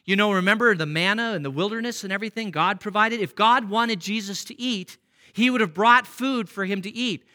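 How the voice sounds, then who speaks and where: A man preaching a sermon in a conversational way, reading verses aloud and turning to the congregation with rhetorical questions. His voice sits fairly high for a man and has a bright, forward tone. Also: fairly quick. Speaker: pastor.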